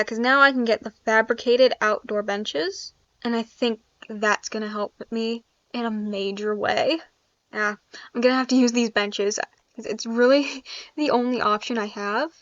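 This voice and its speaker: A fairly high-voiced woman chats her way through a build game, thinking aloud and laughing often. The sound is dry and a bit dull, recorded close on a desk mic. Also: a bit bright, no echo. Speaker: gaming YouTuber. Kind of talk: casual gameplay commentary.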